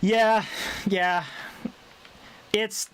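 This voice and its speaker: A man's voice: high-pitched, fairly even intonation, drawn-out words, fairly bright tone, clear, resonant tone. A young man from British Columbia with a neutral General American accent, chatting casually on a live stream, rambling and correcting himself. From Canada (British Columbia). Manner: rambling, self-correcting, reading chat aloud.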